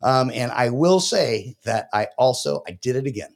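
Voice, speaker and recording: A man's voice: mid-range voice, big pitch swings, moderate pace. A male podcast host chatting casually, joking and introducing listener messages. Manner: playful, laughing, jokey. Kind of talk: casual chat.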